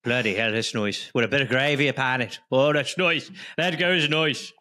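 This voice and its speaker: A man's voice: mid-range voice, normal speed, bright, forceful tone, close to an everyday voice. A man voicing a blustery British bloke with an exaggerated comic accent. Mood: gleeful.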